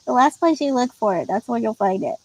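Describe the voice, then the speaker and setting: A woman's voice: a little high, low-quality recording. A woman hosting a casual livestream, reading out viewer comments with lots of giggling and playful teasing. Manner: giggly, chatty, reads comments aloud and teases viewers. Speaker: livestream host.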